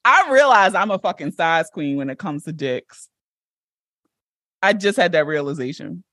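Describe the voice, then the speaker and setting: A woman's voice: lowish voice, lively intonation, moderate pace, a bit bright, dry recording, clean studio sound. A woman hosting a podcast in casual chat, blunt and laughing often. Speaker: podcast host.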